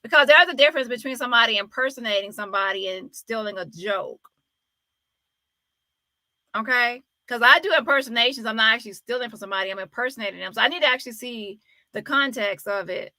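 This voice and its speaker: Chatty woman streamer, bright dry voice. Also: on the high side, fast, no echo. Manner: chatty, exclaims "child". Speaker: commentary host. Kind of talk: casual live-stream commentary.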